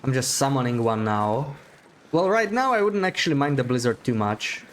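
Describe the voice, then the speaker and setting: A man giving live gameplay commentary on a stream. He talks to his viewers as he plays, thinking aloud with small restarts and frequent laughs, at an ordinary pitch for a man. A faint steady hum sits behind his voice. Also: moderate pace.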